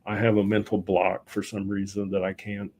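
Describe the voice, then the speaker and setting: A middle-aged man's fairly low voice carries a guest's easygoing storytelling. He talks conversationally and keeps acting out his own past lines inside each anecdote. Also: moderate pace. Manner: animated anecdotes, often quoting himself. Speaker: guest, voice-over and public speaking teacher.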